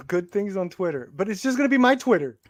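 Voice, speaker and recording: A playful man with a notably high voice co-hosts a live stream and jokes around. His voice sounds dry and close, with no room around it. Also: big pitch swings, normal speed, no room sound. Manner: playful, jokey, laughs often. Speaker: co-host of a live movie talk show. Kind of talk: casual live-stream chat.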